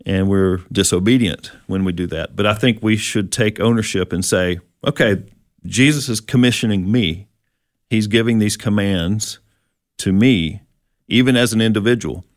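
A man's voice: fairly low pitch, normal speed, no room sound, studio quality. A man leading a conversational Bible teaching, explaining step by step and asking his listener questions.

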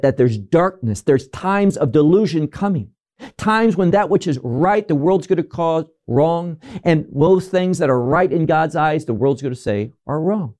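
A man delivers a sermon, working through scripture verse by verse and asking his listeners rhetorical questions. His voice sits a bit high for a man, with a warm, mellow tone and a very animated rise and fall. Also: unhurried. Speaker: preacher.

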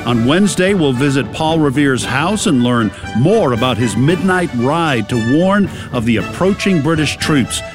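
A man's voice: lively intonation, normal speed, few pauses. A man from Boston with a Boston accent, a radio co-host doing a chatty promotional spot. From Boston, United States. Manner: chatty, upbeat pitch. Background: music.

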